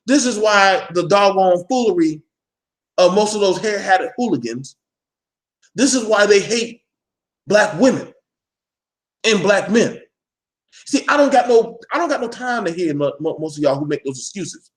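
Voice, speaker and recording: A man's voice: sits high, animated, normal speed, pauses often. A man talking straight to his viewers in a blunt, profane, preachy rant, calling out his audience and pressing his point hard. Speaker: vlogger addressing his viewers. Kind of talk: live ranting monologue.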